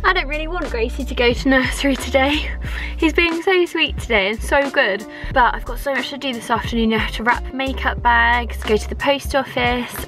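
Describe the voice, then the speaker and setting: A young woman, a mother, chatting candidly and emotionally to camera in a casual family vlog, breaking into sudden high exclamations. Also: normal speed, fairly bright tone, soft background music. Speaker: family vlogger.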